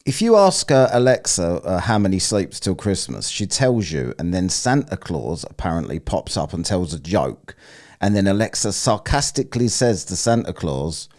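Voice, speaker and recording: A man hosting a live stream, tossing out crude, jokey questions in loose casual chat. His voice sits low but swings widely in pitch as he talks. The talk is full of swearing and cheeky teasing. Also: sing-song, normal speed, darkish tone.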